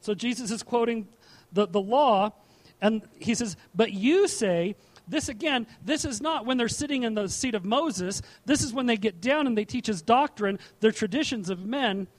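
A man's voice: high voice, animated, moderate pace. A middle-aged man, a pastor, preaching a conversational sermon, reading scripture aloud with asides and frequent restarts.

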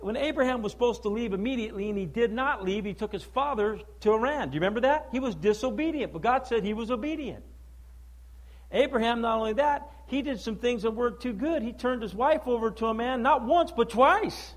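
A man delivers a sermon in a high, lifted voice. He leans hard on his points and keeps asking the listeners rhetorical questions. He shifts between loud declaiming and hushed, heavy stress. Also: a little fast, rough recording. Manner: emphatic, preaching with rhetorical questions; swings from loud declaiming to low, quiet stress. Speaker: preacher.

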